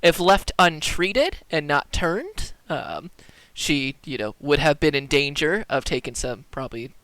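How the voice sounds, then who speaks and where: A man's voice: on the high side, lively intonation, measured pace, sharp tone, no room sound. A man narrating as dungeon master in a casual tabletop game, talking loosely with many fillers. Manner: loose, filler-heavy descriptions.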